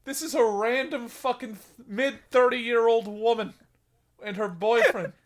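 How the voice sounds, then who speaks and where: A man's voice: very high-pitched, fairly even intonation, a little slow. A man co-hosting a casual podcast, cracking crude sarcastic jokes with heavy swearing. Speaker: podcast co-host. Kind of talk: casual chat.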